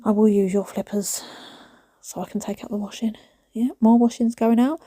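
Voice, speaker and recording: Brit woman in her 30s vlogging the housework, chatty and rambly, half whispers, mellow voice, dry sound. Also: medium pitch, fairly even intonation, moderate pace, no echo. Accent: British English. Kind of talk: casual chat while decluttering. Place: small home, indoors.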